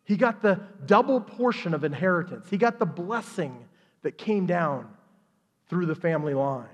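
Animated preaching man in a reverberant church. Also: sits high, highs cut off. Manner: animated storytelling, acts out characters in quick voices. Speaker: pastor. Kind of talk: sermon. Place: church sanctuary.

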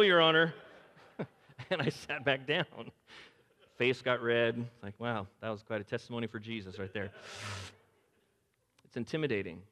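An older man preaching a sermon as pastor, swinging between loud urgent lines and hushed, near-whispered quotes. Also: mid-range voice. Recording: long hall reverb.

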